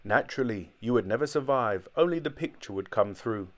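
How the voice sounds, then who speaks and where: A man voicing a smooth, wealthy hotel owner who coaxes and persuades in a silky salesman's patter. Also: mid-range voice, animated, fairly quick, natural voice.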